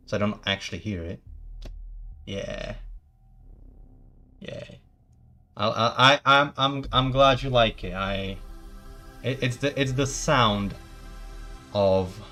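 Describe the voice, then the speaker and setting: A man in casual live-stream chat, talking at an unhurried, drawn-out pace. He rambles and restarts his sentences often, tossing in mock-formal asides, with faint music playing behind him. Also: fairly low pitch, sharp tone.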